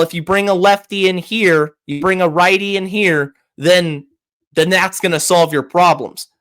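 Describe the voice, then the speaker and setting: A man's voice: high voice, a bit bright. A man hosting a sports podcast, giving heated, opinionated commentary with frequent restarts and stammers.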